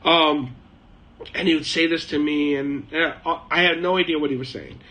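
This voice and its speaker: A man's voice: on the high side, normal speed, bright, forceful tone, low-quality recording. A middle-aged man hosting a live chat, telling a casual, rambling story with lots of uh and um fillers. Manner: rambling, anecdotal, frequent uh and um fillers. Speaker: host of a live chat stream. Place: home shed, living in China.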